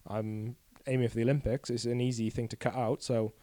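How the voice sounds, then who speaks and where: This young guest cyclist, in his 20s, chats on a casual podcast at a fairly quick clip, his medium-pitched voice warm but flat. The recording is dry, and he comes across as candid, rambling and self-deprecating.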